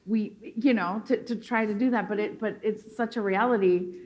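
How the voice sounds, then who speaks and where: A woman from Mexico speaking as a panelist, animated and laughing, with many fillers and restarts. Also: mid-range voice, moderate pace. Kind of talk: casual panel discussion.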